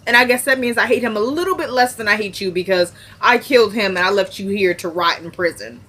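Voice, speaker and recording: A woman's voice: mid-range voice, fast, bright, forceful tone, slight background noise, lightly acted. A woman voicing a spiteful young man who mockingly taunts his jailed mother. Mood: gloating. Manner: mocking, gloating.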